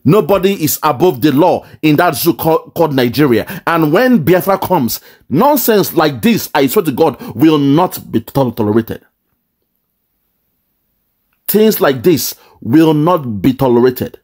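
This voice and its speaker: A man's voice: a little high, expressive, measured pace, darkish tone. A man giving angry, emphatic commentary on a clip, stumbling and repeating words as he stresses his points.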